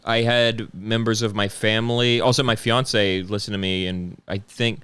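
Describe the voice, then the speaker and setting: A young adult man, a comedian guest on a podcast, telling a story in a casual, animated way with frequent laughs. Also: on the low side, moderate pace, clear, resonant tone, no room sound. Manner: animated storyteller who laughs often and acts out quotes.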